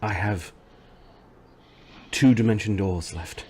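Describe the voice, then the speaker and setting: A man playing a tabletop game, describing his character's actions in a halting, casual way. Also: fairly low pitch, darkish tone, a little hiss or hum.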